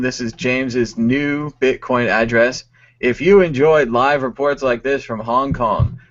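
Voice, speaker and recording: Man hosting a live show. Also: mid-range voice. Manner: brisk, reading out viewer comments. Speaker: host. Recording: dull lo-fi stream audio.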